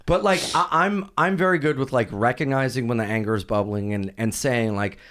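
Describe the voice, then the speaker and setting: This man, a comedian guesting on a studio podcast, tells his story with lots of swearing and animation. He's quick to get heated, and his pitch is medium.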